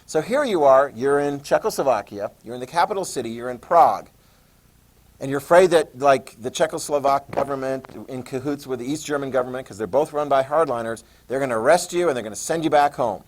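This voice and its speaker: A man teaching a history lesson, telling events as a lively story, repeating key terms for note-taking and briefly mimicking leaders in quick voices. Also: mid-range voice. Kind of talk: classroom lecture.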